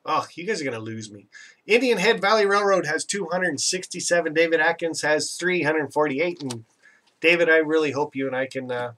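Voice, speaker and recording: A man's voice: on the high side, a little fast, a bit bright, distant mic. A Canadian man hosting a casual live stream, chatting in a rambling, self-teasing way and reading out viewer comments.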